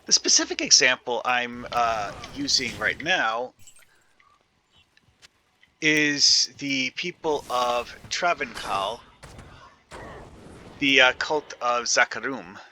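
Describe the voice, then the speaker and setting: A man's voice: mid-range voice, expressive, slow, long pauses, sharp tone, a little hiss or hum. A man giving casual commentary while playing a video game, rambling and thinking aloud with many fillers and restarts. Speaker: gaming video creator.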